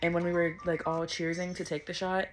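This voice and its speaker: A woman's voice: fairly low pitch, flat delivery, brisk, noisy background. A woman, chatting casually to camera in a vlog, blunt and swearing freely. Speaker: vlogger.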